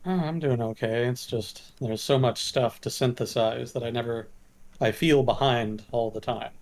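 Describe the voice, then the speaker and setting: A man's voice: mid-range voice, normal speed, darkish tone. A man speaking as a guest in a casual chat, hesitant and self-deprecating. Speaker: guest commentator on news and history.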